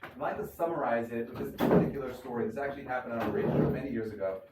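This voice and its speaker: A rabbi at a crowded event tells anecdotes in rapid-fire bursts, his medium-pitched voice full of fillers and restarts. The recording is noisy and echoey, with him standing far from the mic.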